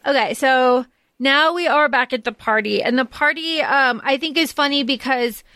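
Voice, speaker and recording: A woman's voice: sits high, moderate pace, sharp tone, no echo. A woman co-hosting a podcast, casually recapping movie scenes and quoting lines in a chatty way. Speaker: podcast co-host. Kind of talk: casual chat about a movie.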